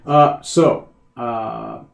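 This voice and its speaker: A man narrates a tabletop game as game master at a middle pitch. His speech is hesitant and full of fillers. The sound carries the echo of a room. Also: wildly swooping pitch, drawn-out words, creaky, slight background noise. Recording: echoey room.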